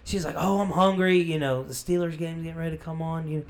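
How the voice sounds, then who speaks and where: A man's voice: on the high side, fast. A man co-hosting a casual podcast, telling rambling, easygoing stories. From not from the area. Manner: relaxed rambling storyteller. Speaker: podcast co-host. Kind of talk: casual chat.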